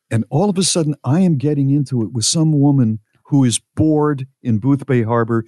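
Animated male podcast storyteller, dry sound. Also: mid-range voice, moderate pace, few pauses, dry recording. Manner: animated, mock-indignant storyteller. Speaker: podcast host. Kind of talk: casual storytelling.

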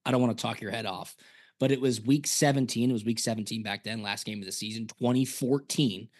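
A former punter co-hosting a casual sports podcast, telling stories and acting out quotes. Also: male voice, lowish voice, fairly quick. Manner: animated storyteller, acts out quotes.

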